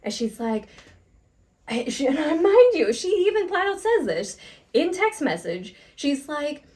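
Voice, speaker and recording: A woman co-hosting a podcast, telling a workplace story in a frank, animated way and swearing casually. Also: high-pitched, measured pace. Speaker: podcast co-host.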